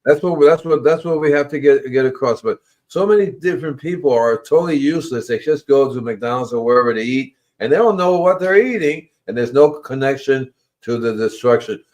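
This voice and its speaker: A man's voice: fairly quick, darkish tone. A man hosting a gardening livestream, talking casually in a rambling way and repeating his words. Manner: rambling, repeats words, acts out animals in squeaky voices. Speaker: gardening show host.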